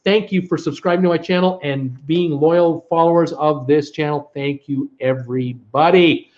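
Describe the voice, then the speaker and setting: A man's voice: on the high side, fairly even intonation, normal speed, darkish tone, lo-fi sound. A man hosting a live stream, rambling casually through his thank-yous and goodbyes, his voice tiring. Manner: chatty, rambling, full of uh fillers and thank-yous.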